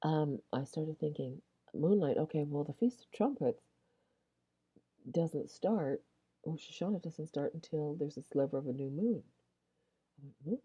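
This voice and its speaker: A woman hosting a Christian video, telling a personal testimony in a rambling way, full of restarts and asides, while yawning and clearing her throat. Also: low voice, expressive, a little slow, long pauses, dark tone. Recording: dull lo-fi sound.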